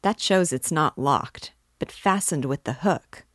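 A woman's voice: sits low, a little slow, no echo, studio quality. A woman reading aloud, voicing an eager young male law student who talks urgently and insistently.

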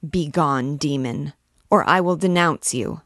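A woman reading the lines of a condemned young gypsy girl, steady and defiant. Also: deep voice, measured pace, no echo, studio quality.

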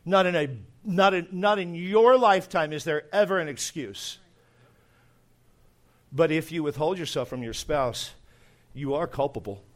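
High-voiced preaching man, drawl. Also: a little slow. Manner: emphatic preaching, swinging from quiet asides to loud bursts. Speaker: pastor. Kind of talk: sermon.

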